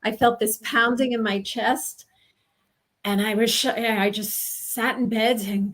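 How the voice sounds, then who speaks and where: A woman in her sixties from New York, telling a personal story in an interview, earnest and halting with frequent restarts. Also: fairly high pitch, steady tone. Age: 60s. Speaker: guest telling her experience.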